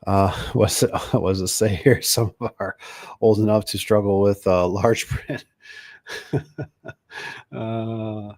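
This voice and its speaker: Rambling male streamer, casual and chatty, lowish voice, lots of fillers. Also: steady tone, slow pace, long pauses, darkish tone. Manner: rambling, storytelling with many fillers and restarts. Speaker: livestream host, garage door business owner. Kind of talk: casual livestream chat reading comments.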